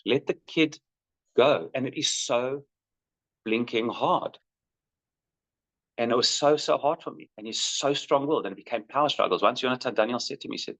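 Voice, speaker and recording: Candid father telling stories, muffled audio. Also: mid-range voice. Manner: candid, animated when quoting himself and his son. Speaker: father recounting his son. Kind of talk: conversational storytelling. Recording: muffled lo-fi recording.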